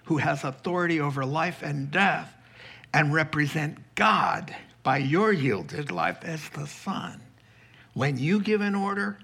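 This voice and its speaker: A man preaching a sermon, acting out the biblical figures in lively dialogue and breaking into sudden high, emphatic bursts. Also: husky. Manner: slow, deliberate delivery with sudden high bursts.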